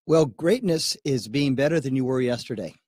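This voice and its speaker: A man's voice: medium pitch, normal speed, darkish tone, breathy edge, no echo, studio quality. A man as guest co-host on a radio talk show, upbeat and earnest. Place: radio studio.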